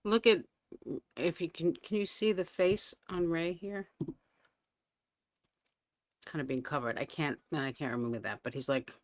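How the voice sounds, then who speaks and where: A woman's voice: low-pitched, moderate pace, long pauses, no echo. A woman commenting on a recording as host, exasperated and trailing off as she searches for words. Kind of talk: video commentary.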